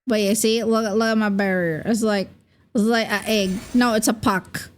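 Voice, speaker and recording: A woman's voice: mid-range voice, fairly even intonation, moderate pace, a little hiss or hum. A young adult woman chatting casually on a livestream as a VTuber, rambling and giggling with lots of fillers. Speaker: VTuber streamer.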